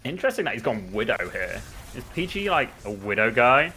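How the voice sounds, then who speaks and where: Speaking a little fast at a medium pitch, a man from the UK with a British accent gives laid-back commentary on a live esports match. He rambles during lulls and bursts with excitement when big plays happen, over slight background noise.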